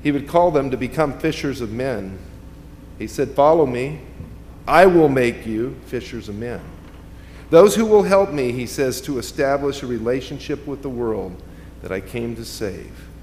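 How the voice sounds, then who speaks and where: A man preaching a sermon, his delivery rising to loud, emphatic peaks and dropping to quiet, hushed asides. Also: mid-range voice, animated, a little slow. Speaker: pastor. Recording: long reverb, faint ambient noise.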